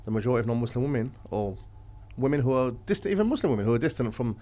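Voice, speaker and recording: A man chatting casually as a podcast guest, telling stories in a rambling, animated way, his voice swinging from loud to quiet. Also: mid-range voice, rapid-fire. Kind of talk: casual chat.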